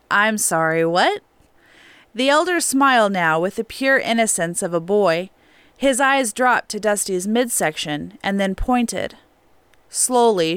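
The smooth, resonant voice of a woman narrating an audiobook in a steady storytelling manner. It is recorded close and dry, with no room sound. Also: mid-range voice, no echo. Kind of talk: scripted narration. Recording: clean dry studio recording.

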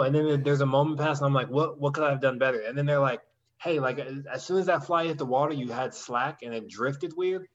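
Man, casual storyteller, mid-pitched voice, slightly dull lo-fi sound. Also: fairly quick, slight background noise. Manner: animated storytelling, acts out quoted voices, swears. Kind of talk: casual chat.

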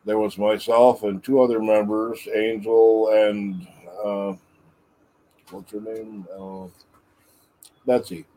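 A man's voice: fairly low pitch, little pitch movement, takes it slowly, pauses often, mellow, low-quality recording. A man who is a co-founder and guest, chatting casually with short, dry replies. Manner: dry, curt. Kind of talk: casual chat.

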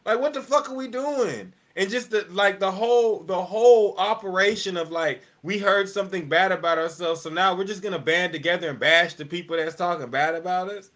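A man's voice: high-pitched, brisk, hardly any pauses, fairly bright tone. A man ranting on a sports podcast, profane and emphatic, repeating words for emphasis in a casual chat. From American South. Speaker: podcast co-host. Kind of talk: heated casual podcast rant.

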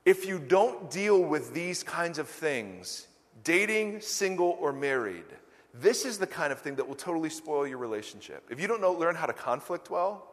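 A man's voice: fairly high pitch, normal speed. A middle-aged male pastor preaching a sermon, telling self-deprecating stories and acting out quotes. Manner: animated, self-deprecating storytelling with acted quotes. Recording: long hall reverb.

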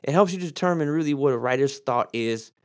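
A man teaching the Bible on his podcast in a casual, conversational way, jumping up in pitch to stress points. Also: a little fast. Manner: conversational, animated pitch jumps for emphasis.

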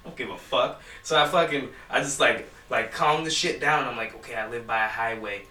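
A man's voice: medium pitch, brisk, sharp tone. A young man telling a rambling, profanity-filled story in casual chat with friends. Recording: echoey room from far off.

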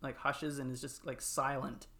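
A man in casual podcast chat, telling film moments with lots of fillers and animated retellings. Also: medium pitch, normal speed. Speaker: podcast panelist.

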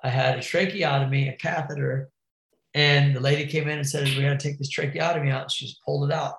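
Animated, slangy man in an echoey room. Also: a little high, fast, gravelly, slight background noise. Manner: animated, profane, slangy, says bro and dude. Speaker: podcast guest, BMX rider. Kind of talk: casual storytelling.

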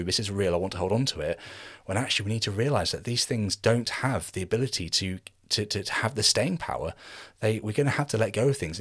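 A quick-talking man hosting a podcast, his voice sitting low. He rambles in easy conversation and keeps restarting his sentences as he goes. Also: fairly bright tone, breathy edge. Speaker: podcast host. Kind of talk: casual conversation.

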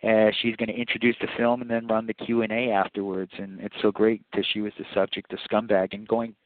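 A man's voice: lowish voice, flat delivery, fairly quick, dry recording. A man being interviewed as a filmmaker, telling long rambling stories with laughs and acted-out quotes. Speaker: filmmaker guest. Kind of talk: casual interview storytelling. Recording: dry, tinny phone-line sound.

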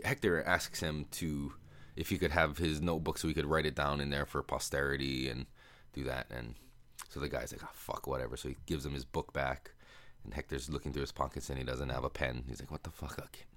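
A podcast host with a rumbling low voice and fairly bright tone retells a movie plot in a rambling, casual way, full of fillers and swearing. The recording is dry, and he sometimes acts out the characters' lines in quick voices.

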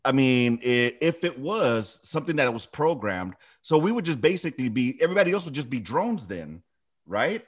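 A man's voice: medium pitch, big pitch swings, moderate pace. A man co-hosting a podcast in casual chat, swearing freely and calling his friend bro and dude. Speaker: podcast co-host.

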